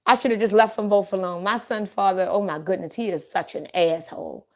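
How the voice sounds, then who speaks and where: A woman's voice: medium pitch, fairly even intonation, a little fast. A middle-aged woman chatting casually on a livestream, telling blunt, profane stories straight to her viewers.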